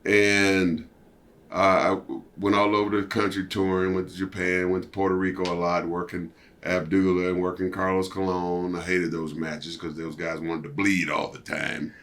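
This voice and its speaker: An older man, a former wrestler, telling a story as an interview guest in a casual, animated way and acting out what others said. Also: sits low, normal speed, a little hiss or hum. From United States. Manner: animated, acts out quoted voices.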